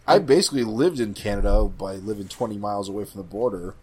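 A man's voice: on the low side, fast, a little mellow, husky. A man co-hosting a casual podcast who throws in dry wisecracks and often restarts his sentences. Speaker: podcast co-host. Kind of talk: casual comic book podcast chat.

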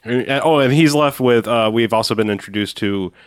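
A man's voice: mid-range voice, brisk, very noisy. A man co-hosting a casual movie recap podcast, retelling scenes with a storyteller's flair. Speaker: podcast co-host.

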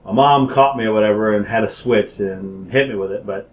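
A man telling childhood stories in casual chat, animated and laughing often as he acts out quotes. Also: lowish voice, a little fast, faint music behind. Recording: roomy echo.

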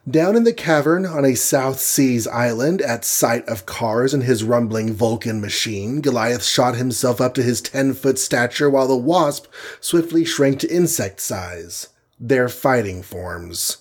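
Husky guy reading a comic adventure story aloud, dramatic. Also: mid-range voice, measured pace. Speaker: narrator. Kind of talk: storybook narration.

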